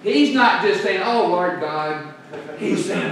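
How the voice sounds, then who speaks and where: A man's voice: high voice, expressive, slow pace, creaky, crowd noise. A man, a pastor, preaching a sermon and drawing the congregation into call-and-response. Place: church sanctuary. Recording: echoey church room, voice from a distance.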